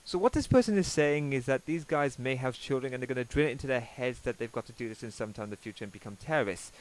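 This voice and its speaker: A man's voice: mid-range voice, fast, slight background noise, rough recording. A young Welsh man with a Welsh accent giving sarcastic, swear-filled commentary on a video he is reacting to. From Wales.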